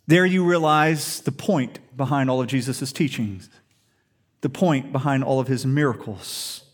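A man preaching a sermon in an emphatic storytelling way, full of rhetorical questions. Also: mid-range voice. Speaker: pastor.

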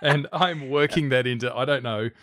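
A man's voice: mid-range voice, moderate pace, a bit bright, no room sound, studio quality. A man from Australia hosting a podcast, mostly listening and laughing, then chatting casually. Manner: laughing listener, brief replies. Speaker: podcast host. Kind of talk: casual chat.

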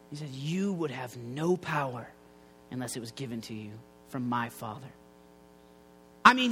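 A man preaching a casual sermon in a loose, slangy way, going soft and low on quoted lines. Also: in a large hall. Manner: conversational, slangy, drops quiet for quoted lines.

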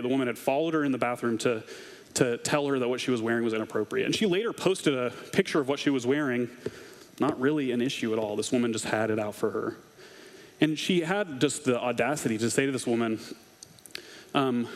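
A man of medium pitch preaching to his congregation in a loose, conversational way, dropping wry, snarky asides. His voice carries a long reverb tail from a large hall. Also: fairly quick. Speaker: pastor. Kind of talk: conversational sermon.

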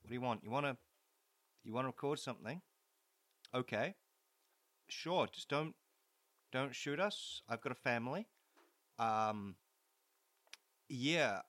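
A man's voice: mid-range voice, lively intonation, a little slow, pauses often, a bit bright, dry recording. A man doing a panicked, pleading studio worker. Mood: scared. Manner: frightened, pleading. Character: panicked male studio worker held at gunpoint.

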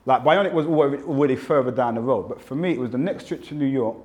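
A man's voice: mid-range voice, fast talker. A man in his fifties with a London accent, recalling his music career in an interview, telling stories and acting out what people said. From England. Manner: animated storyteller, acts out quotes. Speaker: interviewee, rapper. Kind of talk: reflective interview talk.

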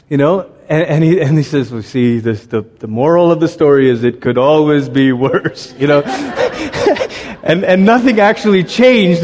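A man preaching a sermon in a big hall whose sound rings on in a long reverb. His voice sits a little high, and he tells stories with lively energy, acting out characters and even the animals' noises. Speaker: pastor.

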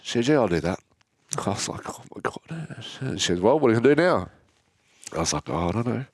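An Australian man telling his own story in an interview, candid and halting, often restarting his sentences. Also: fairly low pitch, big pitch swings, dry recording, studio quality. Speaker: guest.

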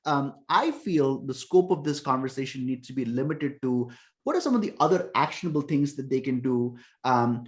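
A man's voice: medium pitch, moderate pace. A man speaking as a podcast guest, explaining with emphasis and often repeating words as he thinks. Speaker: podcast guest, ecommerce conversion expert. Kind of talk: casual podcast interview.

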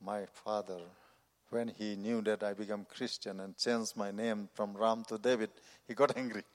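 A man, a missionary preacher, giving his personal testimony in earnest, halting, non-native phrasing. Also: on the low side, little pitch movement. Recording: long reverb of a large hall.

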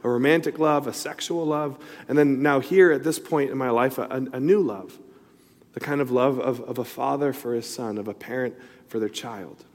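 A man's voice: medium pitch, moderate pace. A middle-aged man preaching a sermon, telling a personal story in a loose, conversational way with many asides. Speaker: pastor. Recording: long reverb in a large hall.

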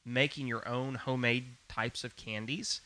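A man's voice: mid-range voice, steady tone, normal speed, pushed and bright. A man from Arkansas co-hosting a podcast, chatty and casual, trailing off and restarting. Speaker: podcast co-host. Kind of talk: casual chat.

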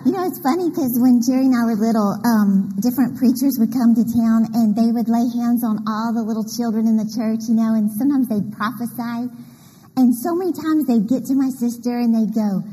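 A middle-aged woman giving an animated, story-filled motivational church talk, laughing often. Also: fairly high pitch, fairly quick. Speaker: women's conference speaker. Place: church hall. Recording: reverberant hall mic, faint noise.

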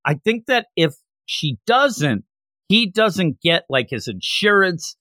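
An animated man chatting casually as a podcast co-host, laughing as he goes. His voice sits a little high, swings widely in pitch and sounds bright. The sound is dry and close. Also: slow pace, no echo. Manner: animated, laughing, retelling scenes.

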